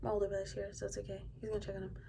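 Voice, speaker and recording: A woman telling a personal story in a casual vlog, soft-spoken and rambling, with lots of "like" and a hushed delivery. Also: medium pitch, monotone, very fast, creaky, a crowd in the background. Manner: often drops to a hushed, quiet delivery. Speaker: vlogger telling her own story.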